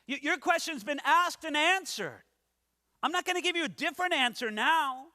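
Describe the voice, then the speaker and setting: A man voicing a calm, firm male teacher who answers a ruler matter-of-factly. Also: very high voice, moderate pace, voice pushed up, full character voice. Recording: long hall reverb.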